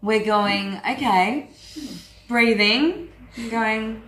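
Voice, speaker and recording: A woman's voice: a little high, lively intonation, a little slow, a bit bright. A woman coach giving a frank, earthy workshop talk to a group, swearing freely and speaking with animation. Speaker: women's empowerment coach. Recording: echoey room.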